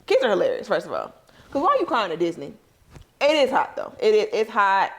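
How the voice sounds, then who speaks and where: A woman's voice: medium pitch, huge pitch swings, brisk. A young adult woman co-hosting a podcast, talking casually, laughing through her stories and swearing casually. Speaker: podcast co-host. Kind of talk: casual chat.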